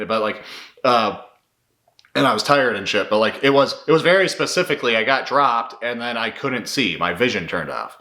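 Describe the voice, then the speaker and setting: Man, casual fight-talk commentator, blunt and swearing, bright forceful voice, roomy echo. Natural, loose delivery with restarts. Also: medium pitch. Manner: candid, profane, rambling with restarts. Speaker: MMA commentator and former fighter.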